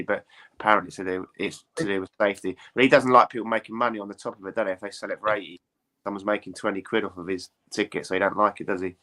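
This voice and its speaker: A man with a low, bright voice talks football in a fast, chatty stream. He keeps asking his listeners to agree with him. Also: fairly even intonation. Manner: quick, chatty, asks for agreement with tag questions. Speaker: panelist. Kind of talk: casual chat about football.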